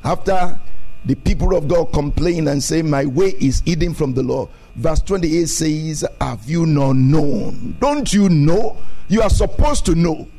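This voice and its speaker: High-voiced preacher man. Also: animated, unhurried, mellow, soft background music, poor audio. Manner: repetitive preaching, rising emphatic declarations. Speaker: pastor. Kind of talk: sermon.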